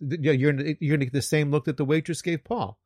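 A man's voice: on the high side, fairly even intonation, fast talker, darkish tone, no echo, studio quality. A man chatting casually, telling a rambling anecdote with restarts and chuckles. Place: living in Japan.

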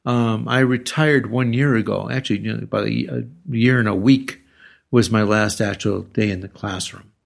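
An older man, a retired teacher, telling rambling anecdotes with halting restarts as an interview guest. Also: on the low side, steady tone, vocal fry. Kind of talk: casual interview storytelling.

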